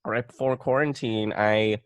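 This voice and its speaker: A man's voice: lowish voice, fairly even intonation, measured pace, smooth, no echo. A young man co-hosting a podcast in casual chat, rambling and restarting his sentences with lots of fillers. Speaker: podcast co-host.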